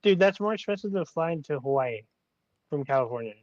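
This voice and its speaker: Higher-voiced man on a dull lo-fi mic. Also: animated, brisk, darkish tone, dry recording. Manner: short blunt reactions. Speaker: podcast co-host. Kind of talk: casual chat.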